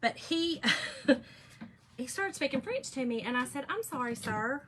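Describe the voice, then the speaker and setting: A woman's voice: high voice, expressive, measured pace, a bit bright, slight background noise. A woman with a Southern US accent chatting and telling stories to her livestream viewers while she works on a craft project, laughing often. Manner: talkative, laughs often, speaks to chat as "y'all".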